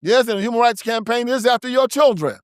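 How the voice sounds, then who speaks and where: A man's voice: extremely high pitch, quick pace, no room sound, clean studio sound. A man hosting his own show, delivering an emphatic, preachy and confrontational political commentary monologue. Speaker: show host.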